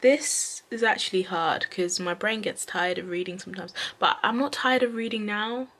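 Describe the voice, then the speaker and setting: A young woman chatting casually in a reading vlog, rambling with many fillers and quick asides. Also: mid-range voice, a bit bright. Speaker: book vlogger. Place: bedroom at night.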